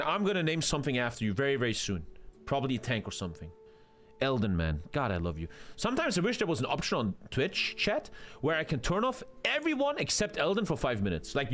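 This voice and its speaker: Young male streamer, crude mock-aggressive chat banter, voice swinging wildly from low mutters to high yelps, faint game music behind. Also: fairly bright tone. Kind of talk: live game stream commentary.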